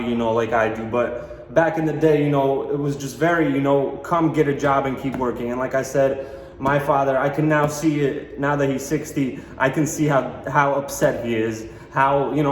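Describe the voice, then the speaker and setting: A man's voice: mid-range voice, a little hiss or hum. A young man giving a rambling, emphatic motivational monologue as podcast host, full of swearing and fillers. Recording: echoey room with long reverb, faint ambience.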